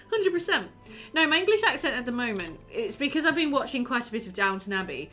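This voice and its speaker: A giggly woman streamer chats away with her viewers, her voice bright and bouncing all over the place. Her voice sits a touch high. Soft game music plays underneath. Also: very animated, fast, hardly any pauses. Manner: giggly, chatty, answering chat. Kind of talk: casual live-stream chat while playing.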